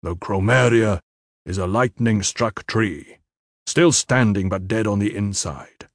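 A man voicing a weary, blunt commander of bodyguards who speaks solemnly and forcefully in an audiobook. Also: lowish voice, a little slow, no echo, clean studio sound.

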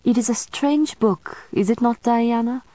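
A woman reading the part of an ancient male vampire, speaking softly and slowly in a measured, menacing way, in a storybook narration. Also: fairly high pitch, dry recording, pitched above the performer's own voice, close to an everyday voice. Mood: soft menace. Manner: soft, slow, measured delivery.

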